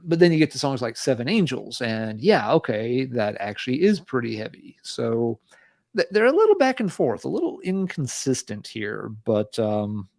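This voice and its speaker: Stammering, lively male podcast co-host. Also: mid-range voice, moderate pace, no room sound, studio quality. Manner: rambling, stammering, swears, jokey asides. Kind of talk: casual podcast chat about metal.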